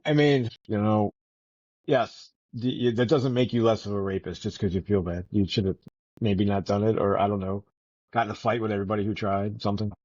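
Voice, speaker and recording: A man's voice: lowish voice, fairly even intonation, a little fast, a little mellow, dry recording. A man co-hosting a podcast about a novel, joking and swearing as he rambles through the discussion. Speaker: podcast co-host. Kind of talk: casual book-club chat. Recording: dry, dull lo-fi podcast audio.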